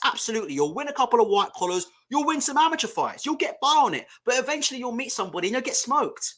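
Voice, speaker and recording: A young man riffs on a live boxing chat, blunt and foul-mouthed, breaking into laughter. His voice sits high and bright, and his pitch swings widely as he talks. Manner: blunt, swearing, laughs a lot while ranting. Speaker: boxing channel host. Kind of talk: casual live-stream chat.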